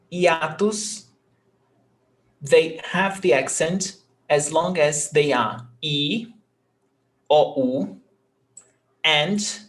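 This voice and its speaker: Male language tutor, unhurried and patient, walks through grammar rules and checks in often. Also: on the high side, a bit bright. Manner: patient, explains rules step by step and checks understanding. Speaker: Portuguese teacher. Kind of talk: online language lesson.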